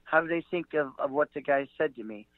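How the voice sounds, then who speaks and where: A middle-aged man, a comedian guest, telling a rambling story with halting fillers and restarts, acting out the quotes, over a tinny phone-like line. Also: fairly high pitch, no room sound.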